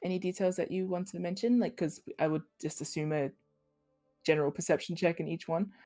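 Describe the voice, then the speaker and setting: A woman with a fairly low voice chats casually as a player at a tabletop game, laughing easily between her turns. Soft instrumental music plays behind her. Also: steady tone. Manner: chatty and quick to laugh.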